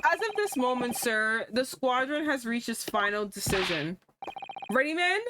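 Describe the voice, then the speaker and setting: A woman's voice: fairly high pitch, animated, moderate pace, noisy background, close to an everyday voice. A woman voicing a solemn male jury foreman, speaking formally.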